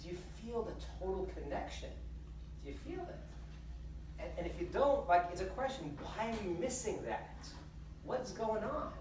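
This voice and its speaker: A woman rabbi giving a lively spiritual talk to a live audience, full of rhetorical questions and stories. Her pitch rises and falls with animation. She sounds distant, in an echoing hall. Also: moderate pace, slight background noise. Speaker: rabbi speaker. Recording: roomy hall, distant mic.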